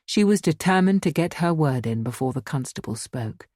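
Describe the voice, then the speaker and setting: A woman's voice: deep voice, animated, normal speed, darkish tone, dry recording, studio quality. A woman reading a horror story aloud as an audiobook narrator, giving the figures their own voices.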